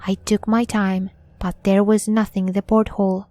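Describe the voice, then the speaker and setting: A woman narrating a scary story in a slow, deliberate reading. Her voice is dark and mellow. The recording is dry and close, with no room sound. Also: medium pitch, level tone, no echo. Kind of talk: scripted horror story narration.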